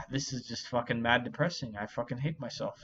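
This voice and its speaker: A drunk man hosts a solo vlog on his channel, rambling, swearing constantly, and sounding frustrated and self-pitying. His voice is medium-pitched, fairly bright and a little fast, captured in a dull lo-fi recording with slight background noise.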